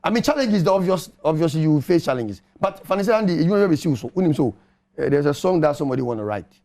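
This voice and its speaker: Ghanaian guy arguing on a talk show, high pitched, gravelly, keeps asking rhetorical questions. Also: lively intonation, fast talker, dark tone. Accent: Ghanaian English. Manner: emphatic, argumentative, rhetorical questions. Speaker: panelist. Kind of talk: animated radio talk show commentary.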